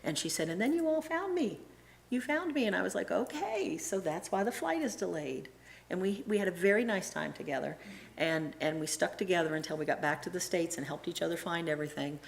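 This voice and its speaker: A middle-aged woman giving a casual, animated church talk, acting out the voices of people she quotes and often restarting her sentences. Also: low-pitched, fast talker, gravelly, slight background noise. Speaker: church presenter and Sunday school teacher.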